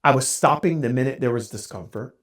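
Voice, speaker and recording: A man hosting a podcast, telling a candid, self-deprecating story in a casual, animated way. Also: mid-range voice, fairly quick. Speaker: podcast host.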